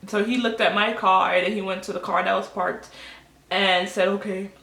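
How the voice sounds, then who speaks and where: A woman's voice: medium pitch, normal speed, creaky. Chatty young woman retelling a story, echoey room. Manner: animated, acts out quotes, many fillers. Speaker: vlogger. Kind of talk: storytime vlog.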